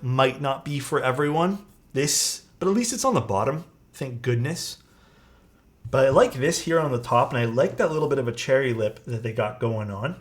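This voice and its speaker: A man casually chatting as a live streamer while building a keyboard, rambling and relaxed, often saying "dude". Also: mid-range voice. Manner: laid-back, rambling, peppered with "dude" and "like".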